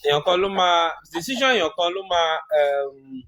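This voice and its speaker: A man with a Yoruba Nigerian accent, reasoning through his view in a measured way during a casual group discussion. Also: fairly high pitch, animated, fairly bright tone. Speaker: discussion participant.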